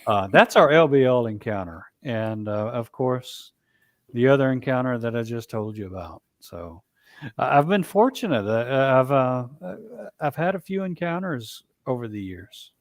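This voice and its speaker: A man telling a long story in a casual, halting way, full of fillers and restarts. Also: medium pitch, sing-song, dry recording, studio quality. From Alabama, US. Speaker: Bigfoot researcher guest.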